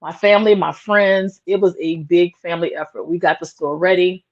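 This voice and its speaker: A woman with a fairly low-pitched voice, fairly even intonation and a moderate pace tells a personal story as an interview guest. She's a small business owner, speaking earnestly and emotionally with plenty of "like" fillers. The recording has a dull, lo-fi sound.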